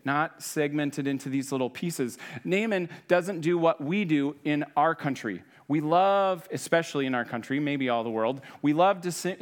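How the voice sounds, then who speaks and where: Male preacher, slightly higher voice, easygoing storytelling sermon, acts out quotes.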